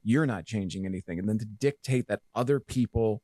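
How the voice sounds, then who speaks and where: A man's voice: lowish voice, brisk, warm tone, no echo. A man talking as a podcast guest in casual chat, emphatic and profane, rambling with lots of fillers.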